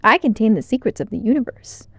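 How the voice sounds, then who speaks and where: A woman's voice: on the high side, lively intonation, quick pace, fairly bright tone, breathy edge, no room sound, clean studio sound, full character voice. A woman reading aloud, voicing a talking book of cosmic knowledge that sounds grand and weary. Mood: lofty. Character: lofty, easily unimpressed talking book.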